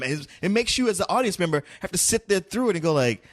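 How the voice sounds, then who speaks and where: A man's voice: high voice, lively intonation, fast, few pauses. A man co-hosting a film review podcast who talks in a playful, teasing way in casual chat.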